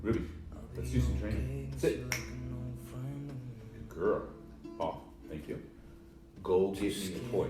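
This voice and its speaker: A man's voice: mid-range voice, takes it slowly, pauses often, music in the background. A man giving his pet dog firm short commands and asking it puzzled questions, in an echoey room. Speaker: dog owner.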